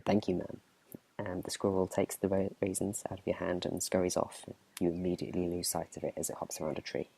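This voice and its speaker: A man running a tabletop game as game master, narrating in a relaxed, chatty whispered role-play. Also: low-pitched, fast talker, vocal fry, breathy edge.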